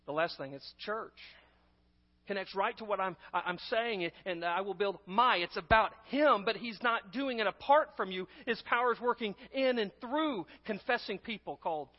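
Guy preaching a sermon, high voice, kinda dull muffled recording, big church echo. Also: moderate pace. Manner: emphatic preaching with shifts between loud and hushed delivery. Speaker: pastor. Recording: long hall reverb, dull lo-fi sound.

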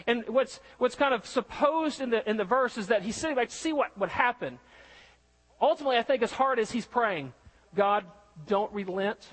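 A man's voice: high voice, low-quality recording. A middle-aged man preaching a sermon in a conversational way, asking rhetorical questions and often restarting his phrases. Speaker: pastor.

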